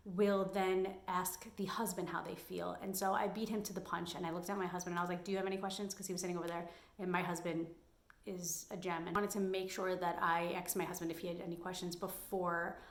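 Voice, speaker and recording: A woman's voice: fairly low pitch, level tone, fairly quick, reverberant. A young adult woman giving candid, emphatic advice in a personal vlog. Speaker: vlogger.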